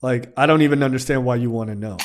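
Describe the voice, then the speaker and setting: Male podcast co-host, casual, animated scene recaps with character voices. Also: medium pitch, quick pace. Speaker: film review podcast co-host. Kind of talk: casual film review chat.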